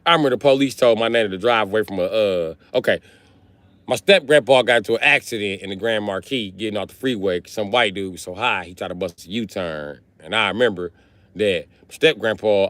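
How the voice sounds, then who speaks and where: A man on a live stream telling a funny family story, animated and profane, with heavy slang. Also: lowish voice, a little fast, dry recording. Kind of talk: comic storytelling.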